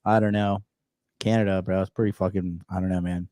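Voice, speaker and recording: A man co-hosting a casual podcast, telling a story with lots of swearing and animated retelling. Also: deep voice, a little fast, no echo, studio quality. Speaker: podcast co-host. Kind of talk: casual chat.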